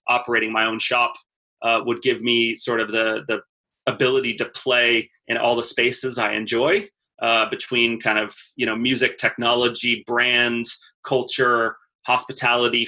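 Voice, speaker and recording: A man in his thirties tells his story as a podcast guest in an easygoing, conversational way. His voice is bright and forward, yet his pitch stays almost level. He often doubles up words while he thinks. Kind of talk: casual interview talk.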